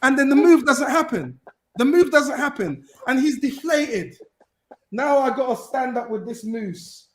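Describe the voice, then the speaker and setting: A man with a high voice talks football on a podcast. He rambles in animated bursts, restarting his sentences and piling on fillers. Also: a little slow. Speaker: podcast guest, football fan. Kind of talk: casual chat.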